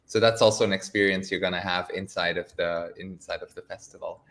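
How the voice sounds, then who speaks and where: Low-pitched man, gentle chat. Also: fairly even intonation, a little fast. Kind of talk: casual livestream chat.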